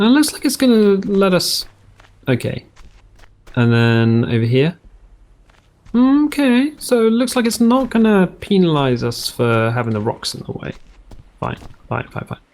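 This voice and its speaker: Brief: male game host, medium pitch, loose rambling let's-play commentary, keeps breaking off his own sentences, recorded at home. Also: big pitch swings, unhurried, pauses often, a little mellow. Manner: rambling, self-interrupting, jokey tangents. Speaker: gaming video host.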